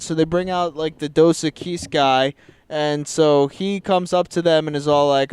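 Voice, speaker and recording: Guy on a podcast, super clear voice, kinda high, telling a movie plot and doing quick voices for the characters. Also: darkish tone, dry recording, clean studio sound. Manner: retells the plot in quick quoted voices, loose and joking. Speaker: podcast co-host recapping a film. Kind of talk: casual chat.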